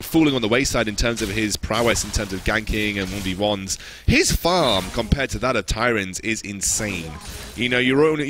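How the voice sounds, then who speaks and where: A man's voice: medium pitch, fairly bright tone, a little hiss or hum. A man casting a live esports match, giving chatty, joking analysis. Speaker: esports caster.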